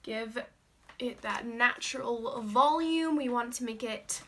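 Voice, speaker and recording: A young woman talks casually to her camera, rambling and giggly, full of "like" and "um". Her voice sits a bit high and sounds bright and forward. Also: takes it slowly, slight background noise. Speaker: beauty vlogger. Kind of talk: casual chatty vlog.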